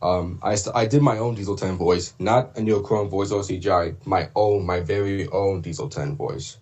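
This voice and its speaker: A man chatting casually on a livestream about doing voice impressions, rambling with many fillers and throat clears. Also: low-pitched, normal speed, darkish tone. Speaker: streamer and voice impressionist.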